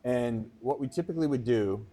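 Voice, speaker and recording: A man from Massachusetts co-hosting a podcast live in front of an audience, chatting casually and breaking into loud, profane mock rants. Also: mid-range voice, moderate pace. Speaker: podcast co-host and snowboard commentator.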